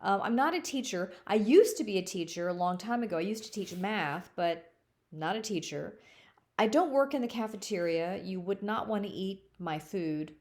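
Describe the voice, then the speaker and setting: A middle-aged woman speaks as a school counselor addressing fifth graders. She is playful and jokey, and she lingers on key words so they land. Her voice sits at an ordinary middle pitch. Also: lively intonation, darkish tone. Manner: playful, jokey, stretches words slowly for emphasis. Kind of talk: friendly recorded presentation to fifth graders.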